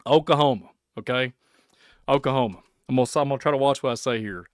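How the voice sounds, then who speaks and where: A man hosting a solo podcast, ranting in a rambling, excitable way. He chuckles often and trails off into muttering. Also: mid-range voice, quick pace, dry recording, studio quality. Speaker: podcast host.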